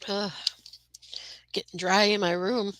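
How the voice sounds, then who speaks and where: Bright-voiced woman chatting on a livestream. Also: medium pitch, flat delivery, slow, dry recording, rough recording. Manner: chatty, greets viewers by name, many fillers. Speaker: livestream host. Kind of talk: casual live chat with viewers. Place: her own room.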